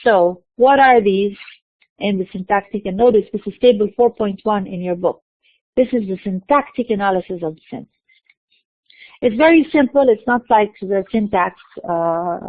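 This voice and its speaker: A woman giving a recorded university lecture, explaining slowly and mixing in terms. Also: medium pitch, no room sound. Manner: explains slowly, spelling out letters, slipping into Arabic terms. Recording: dry tinny phone-like recording.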